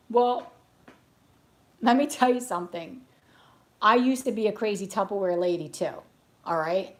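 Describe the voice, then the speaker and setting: Speaking at medium pitch and a normal pace, this tarot reader talks casually between readings in a live session. She's a blunt, animated storyteller who keeps wandering off onto tangents.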